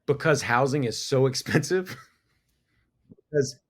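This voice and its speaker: A middle-aged man talks as a guest in a casual podcast conversation. His voice sits at an ordinary pitch, and he is talkative and laughs easily. He often stops and restarts his sentences as he thinks aloud. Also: animated, unhurried, slightly rough. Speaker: business owner guest.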